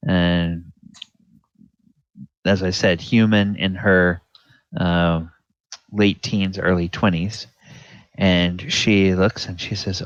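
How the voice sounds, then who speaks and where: A man running a tabletop game as dungeon master, pausing often with fillers as he narrates. His voice is deep and his pace very slow. The recording is dry and dull, as if from a home microphone. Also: steady tone, dry recording. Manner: halting, many fillers.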